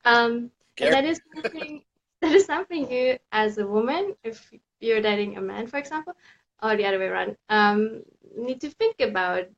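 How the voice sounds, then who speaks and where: A woman's voice: fairly high pitch, animated, moderate pace, creaky. A woman hosting a live stream, chatting casually and reading viewer comments aloud. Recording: slightly dull audio.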